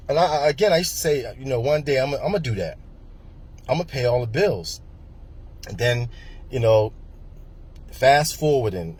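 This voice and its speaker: Husky-voiced man telling his life story. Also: mid-range voice, a little mellow. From New Jersey, US. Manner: rambling, repeats himself, many fillers. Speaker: vlogger. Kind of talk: personal storytelling monologue.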